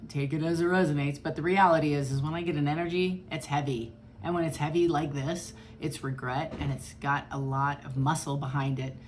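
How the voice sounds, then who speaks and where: Low-pitched woman tarot reader, blunt and chatty, faint background hiss. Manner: chatty, blunt, swears freely. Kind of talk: casual tarot reading.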